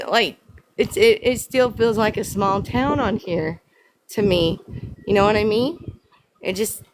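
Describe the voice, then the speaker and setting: A woman from the American South with a Southern accent, hosting a casual livestream and talking to her viewers in an emotional, halting, teary way. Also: medium pitch, a bit bright. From Southern United States. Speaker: livestream host.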